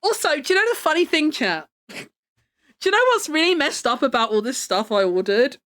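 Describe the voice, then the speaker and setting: Young woman streaming casually, talking to chat; bright, higher voice with big swings in pitch, rambling and swearing freely. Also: very animated, brisk. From United Kingdom. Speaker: live streamer.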